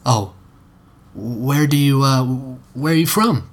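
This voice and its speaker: A man's voice: medium pitch, slow pace, pitched above the performer's own voice. A man reading aloud and voicing an awkward, hesitant teenage schoolboy who stammers over his words. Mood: sheepish.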